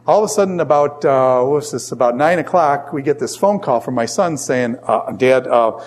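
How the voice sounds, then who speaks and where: A man's voice: fairly high pitch, a little fast. Rambling middle-aged male professor. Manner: rambling, animated storyteller with many fillers. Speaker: college professor. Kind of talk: classroom lecture with personal story.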